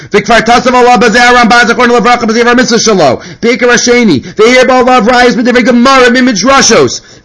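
A man giving a Torah lesson, moving quickly between Hebrew quotes and his own explanations in an animated way. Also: high voice, poor audio. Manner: animated, mixes Hebrew and English. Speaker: Torah teacher. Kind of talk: Talmudic lecture.

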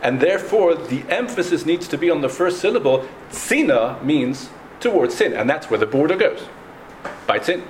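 A man's voice: on the high side, lively intonation, normal speed, slight background noise. A man teaching a religious class on pronunciation, speaking with frequent restarts and a singsong lilt when he stresses words. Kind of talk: Torah lesson on Hebrew pronunciation. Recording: echoey room with faint ambience.

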